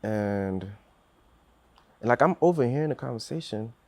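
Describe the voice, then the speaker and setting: A man's voice: mid-range voice, lively intonation, normal speed, darkish tone, no echo. A man telling a personal story on a podcast in earnest, acting out what others said, with many restarts.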